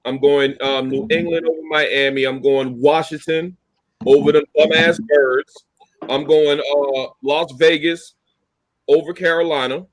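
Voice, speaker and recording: A man's voice: fairly high pitch, fairly even intonation, unhurried, dry recording, rough recording. A man co-hosting a casual sports podcast, steadily listing his picks with dry jabs. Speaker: podcast co-host.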